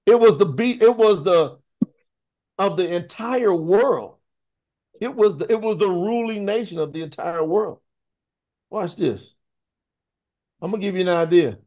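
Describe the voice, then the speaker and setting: A man preaching in an online scripture teaching, emphatic and animated, calling out to viewers by name. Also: high-pitched, a little slow, long pauses.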